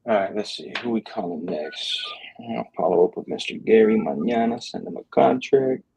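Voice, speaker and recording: A man's voice: lowish voice, animated, normal speed, gravelly, a little mellow, breathy edge, dry recording, poor audio. A man chatting casually on a livestream while calling property sellers, loose and joking, swearing now and then. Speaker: real estate wholesaler calling sellers on a livestream.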